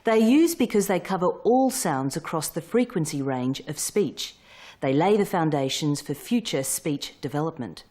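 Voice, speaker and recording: A woman calmly reading scripted instructional narration for parents. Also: sits low, moderate pace. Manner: calm, instructive. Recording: voice-over with faint music behind.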